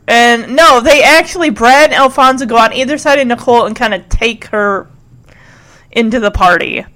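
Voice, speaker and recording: A chatty woman with a high, light voice talks through a TV episode scene by scene. Her talk is casual and gushing, and she fills it with "like" and "you know". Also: normal speed, fairly bright tone, low-quality recording. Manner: chatty, gushing, full of fillers. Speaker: show recapper. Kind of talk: casual recap chat.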